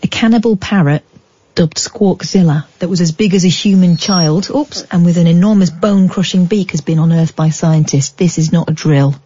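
A woman hosts late-night talk radio in a chatty, wry way, reading news items with mock-dramatic emphasis. Her voice is low and mellow. The broadcast sounds slightly dull, with faint music underneath. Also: moderate pace, breathy edge. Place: radio studio. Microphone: studio microphone.

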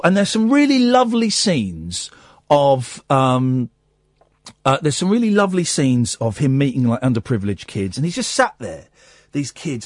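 Animated male radio host, husky voice. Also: medium pitch, dry recording. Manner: animated storytelling, mimics people, drops to soft quiet tones when moved. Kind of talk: casual radio chat. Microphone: studio microphone.

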